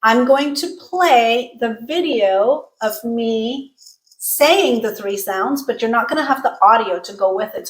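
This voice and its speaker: A woman teaching an online pronunciation lesson with a slightly high voice. She speaks clearly, coaches the listener and draws out each vowel sound in slow repeated drills. The room gives her voice a noticeable echo. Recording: roomy echo.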